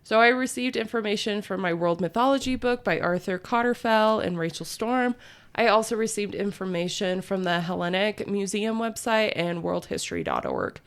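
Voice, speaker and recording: A woman's voice: mid-range voice, big pitch swings, normal speed. A woman co-hosting a podcast, retelling a myth in casual chat with lots of fillers and laughter. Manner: chatty, filler-heavy, laughs often. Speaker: podcast co-host.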